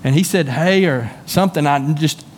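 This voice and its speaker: A man's voice: fairly high pitch, moderate pace. Folksy Southern preacher, a man. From Southern United States. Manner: folksy, conversational preaching with repeated words and asides. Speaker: pastor. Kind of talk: sermon. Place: church sanctuary.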